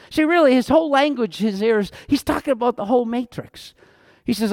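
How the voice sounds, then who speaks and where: A man's voice: extremely high pitch, brisk, a little mellow, dry recording, clean studio sound. A middle-aged man, a pastor, preaching an earnest, conversational sermon that rises into emphatic outbursts.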